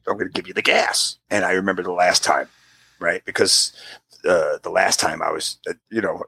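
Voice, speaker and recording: Gravelly and husky, a man in his fifties spins a long personal tale in casual chat. He brings the people in it to life, his pitch jumping high for their quoted lines.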